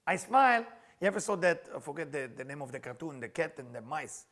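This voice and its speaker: A middle-aged man teaching a spiritual class in non-native English phrasing, animated and acting out the people he quotes. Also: fairly high pitch, quick pace. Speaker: Kabbalah teacher.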